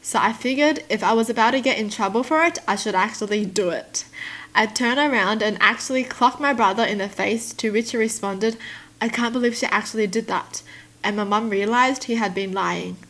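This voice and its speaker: A young woman reads out stories and reacts to them in animated casual chat, laughing often. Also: fairly high pitch, fairly quick. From Australia. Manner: animated, laughs often, slips into mock voices. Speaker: YouTuber reading and reacting to stories.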